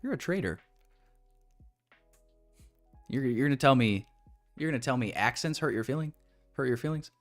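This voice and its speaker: A man day-trading live on stream, bantering with his chat in a loose, joking tone with plenty of swearing. His voice sits mid-pitch, with faint music playing under him. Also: normal speed, pauses often.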